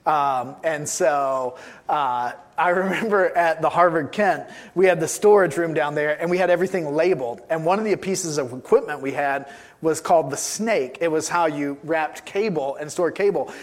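An emphatic male pastor delivers a sermon and drives his points home by repeating key phrases. His voice sits a little higher than most men's. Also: moderate pace.

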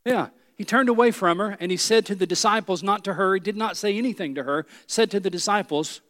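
A male pastor with a high-pitched voice delivers a sermon with dramatic pauses. His voice sinks low and quiet on key words, and it rings with a long hall reverb. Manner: preaching with dramatic pauses, dropping low and soft for emphasis.

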